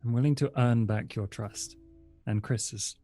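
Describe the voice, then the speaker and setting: A man speaking in character in a tabletop role-play game, measured and solemn. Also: medium pitch, steady tone, dark tone, faint music behind.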